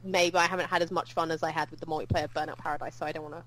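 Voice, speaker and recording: Woman podcaster rattling on about games, quick and chatty, lots of little asides. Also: low-pitched, fairly even intonation, fairly bright tone, rough recording. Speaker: podcast co-host. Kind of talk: casual gaming chat.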